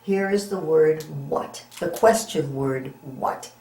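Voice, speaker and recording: In this phonics lesson for young children, a woman who teaches reading spells out simple words letter by letter, encouraging her beginners with frequent praise. Slow, patient and dark-toned, her fairly low voice moves at a very unhurried pace. The room echoes noticeably, and a little background noise can be heard.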